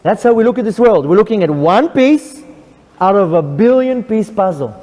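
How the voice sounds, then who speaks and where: Rabbi giving a lively testimony talk, high, expressive voice, long hall reverb. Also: male voice, moderate pace. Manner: animated, emphatic storytelling. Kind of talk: testimony lecture.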